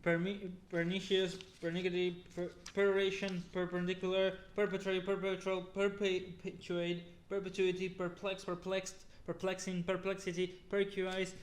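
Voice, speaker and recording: A man's voice: high voice, completely flat delivery, normal speed, few pauses. A man reading a long list of words aloud one after another, often stumbling, restarting and repeating them, sounding weary from the long reading. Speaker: YouTuber.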